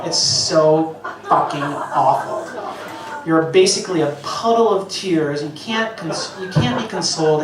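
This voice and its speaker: A middle-aged man doing a stand-up routine on stage, telling self-mocking stories and swearing freely. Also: on the high side. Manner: profane, self-mocking storytelling. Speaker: stand-up comedian. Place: stage before a live audience. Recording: echoey venue, voice heard from a distance, loud ambience.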